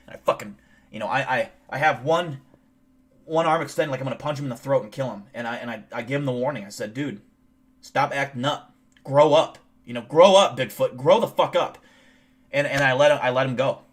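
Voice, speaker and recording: A man's voice: mid-range voice, a bit bright. Profane rambling streamer man. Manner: rambling, profane, boastful storytelling. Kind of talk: casual live-stream chat.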